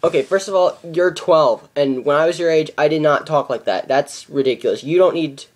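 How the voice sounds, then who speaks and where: A seventeen-year-old boy who vlogs about card games rants casually, exasperated and repeating how ridiculous things are. His voice is on the high side at a normal speed.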